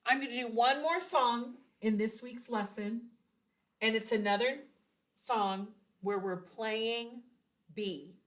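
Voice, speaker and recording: A woman's voice: a little high, slow, a bit bright. A woman teaching a children's recorder lesson, patiently explaining and chanting rhythms aloud. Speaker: music teacher.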